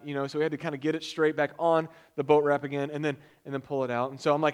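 A high-voiced man preaching a sermon, weaving a personal story into the message. He tells it in an animated, storytelling way, with loud bursts when he gets excited. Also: fast, few pauses, clean tone. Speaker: pastor.

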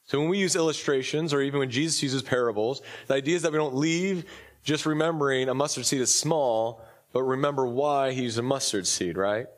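A man's voice: medium pitch, fairly quick. A man preaching a casual, joking sermon as a pastor at a church service, his voice slightly off while recovering, with many fillers and restarts. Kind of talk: conversational sermon.

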